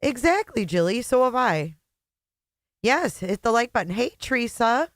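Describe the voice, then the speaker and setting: A woman's voice: fairly high pitch, very animated, moderate pace, no room sound, studio quality. A woman hosting a livestream, chatting casually, sarcastic and mocking, often laughing. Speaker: livestream host.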